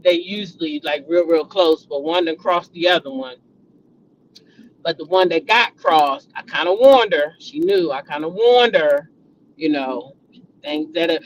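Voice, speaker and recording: A man's voice: fairly high pitch, expressive, normal speed, a bit bright, dull audio, a little hiss or hum. A middle-aged man, hosting a casual commentary chat in a blunt, profane, laughing way. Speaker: channel host.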